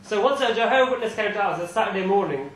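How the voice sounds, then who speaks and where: A young man with a notably high voice tells everyday stories at a society talk, chuckling at his own anecdotes. The live recording carries a lot of room echo, with faint background noise underneath. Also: expressive, racing, fairly bright tone. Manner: chatty storytelling, with frequent restarts and chuckles. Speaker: invited speaker at a student society talk. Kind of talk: informal religious talk with personal anecdotes. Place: university lecture room.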